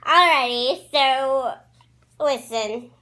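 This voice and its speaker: A bubbly woman talks through her makeup routine in a chatty, gushing way. Her voice sits high and bright, and she sounds thrilled by every product she tries. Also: drawn-out words, rough recording. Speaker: beauty vlogger. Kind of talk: casual makeup tutorial chat.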